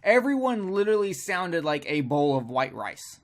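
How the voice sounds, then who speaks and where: A man's voice: a little high, sing-song, moderate pace. A man co-hosting a podcast, rambling and joking crudely in casual banter with friends. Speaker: podcast co-host.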